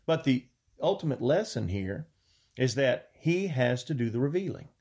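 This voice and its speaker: A man preaching a sermon, reading scripture slowly and earnestly and stressing key words. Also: medium pitch, sing-song, a little mellow, breathy edge. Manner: earnest, drawn-out scripture reading with rising emphasis.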